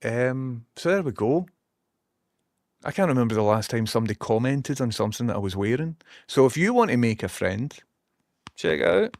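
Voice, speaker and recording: A man's voice: mid-range voice, very animated, normal speed, creaky, no echo, clean studio sound. A Scottish man streaming from a small basement room, rambling casually, swearing now and then and reading out viewer messages. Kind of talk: casual live-stream chat.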